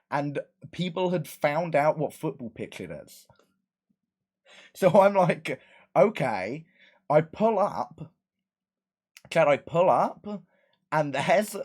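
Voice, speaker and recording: Streamer telling a rambling story. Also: male voice, on the high side, a little mellow. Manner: fast rambling retelling with acted-out quotes and swearing. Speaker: live streamer. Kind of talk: casual storytime addressing chat.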